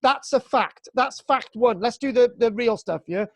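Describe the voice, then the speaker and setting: A man from Britain teaching archaeology to young students over a video call, excitable and jokey, mock-exasperated, tagging "right?" onto his sentences. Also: very high voice, normal speed, no room sound. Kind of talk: live online class.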